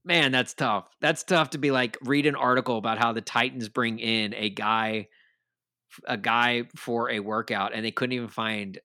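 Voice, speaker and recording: A man's voice: mid-range voice, steady tone, moderate pace, sharp tone, no room sound, studio quality. Rambling, laughing podcast co-host man. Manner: rambling, self-deprecating, laughs often. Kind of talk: casual sports podcast chat.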